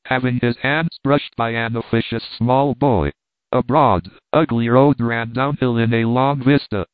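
A man reading a novel aloud in an even, measured narration. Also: medium pitch, no room sound. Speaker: audiobook narrator. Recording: tinny phone-like dry sound.

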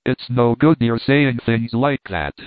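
A man's voice: mid-range voice, expressive, measured pace, no room sound, lightly acted. A man doing a huffy young shop assistant. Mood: scolding. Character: indignant young shop assistant squaring up to fight. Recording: dry, tinny phone-like sound.

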